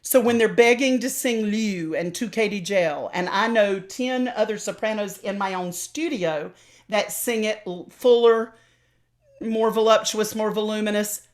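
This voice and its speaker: An older woman with a Southern US accent, an opera singer and voice teacher, talking animatedly in a casual interview over a video call and acting out the voices she quotes. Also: mid-range voice.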